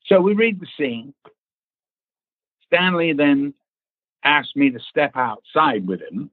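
A man, an actor, telling a casual anecdote in an animated way, acting out quotes, laughing and swearing freely. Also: a little high, slow, pauses often, no echo. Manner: animated storyteller who acts out quotes and laughs. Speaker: actor recounting a film casting. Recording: tinny phone-like line.

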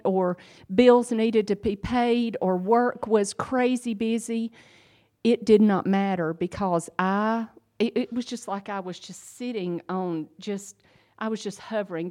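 A woman's voice: mid-range voice, darkish tone. A woman in her fifties giving a personal faith testimony, earnest and emphatic, talking conversationally with fillers. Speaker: speaker sharing a faith testimony.

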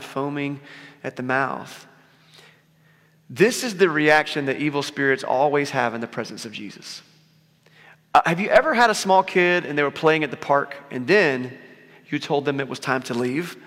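A man's voice: on the high side, sharp tone. A man preaching a sermon to his congregation in a casual, conversational way, with loose fillers and easy laughs. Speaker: pastor. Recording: long hall reverb.

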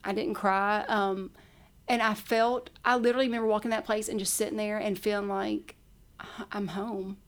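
With a clear, resonant mid-range voice, steady in tone and a little fast, a podcast guest relates her own story casually. She keeps it chatty, laughs often, and voices her earlier lines as if replaying them.

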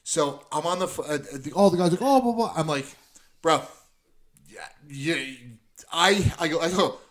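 A middle-aged man with a bright, slightly high voice spins angry, profane stories in casual talk. He jumps into the voices of the people he describes, swearing freely as he goes. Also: normal speed. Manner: heated, profane storyteller acting out quotes. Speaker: podcast co-host. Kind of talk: casual chat, storytelling.

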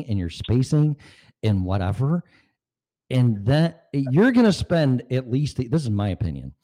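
A man's voice: medium pitch, mellow. A man hosting a podcast in casual chat, blunt and swearing freely, often laughing. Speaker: podcast host. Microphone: home studio mic through small mixer.

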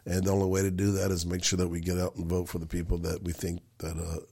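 A man's voice: low-pitched, completely flat delivery, quick pace, mellow, breathy edge. A man co-hosting a casual podcast, talking in a loose, rambling way with lots of fillers. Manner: rambling, with many fillers and restarts. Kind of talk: casual chat.

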